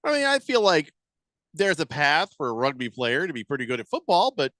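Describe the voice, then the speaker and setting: Animated joking man on sports radio. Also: a little high, a little fast, dry recording. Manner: joking, animated, playful exaggeration. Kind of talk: casual sports talk.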